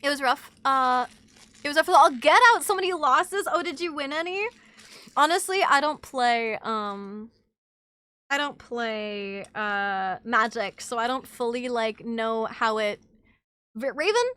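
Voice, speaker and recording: A woman streamer chatting playfully with her viewers and greeting them by name, sick and low on energy. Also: unhurried, pushed and bright. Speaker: VTuber streamer. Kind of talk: casual live-stream chat.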